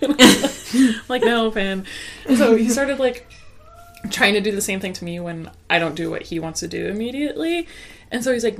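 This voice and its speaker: A woman's voice: on the high side, animated, normal speed. A young woman, a mom, chatting casually on a podcast, telling stories animatedly and laughing often. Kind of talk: casual chat, storytelling.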